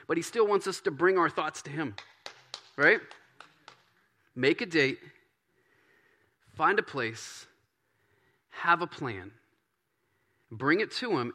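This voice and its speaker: A man preaching a sermon in a relaxed, conversational way, often acting out prayers in a softer voice. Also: on the high side. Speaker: pastor.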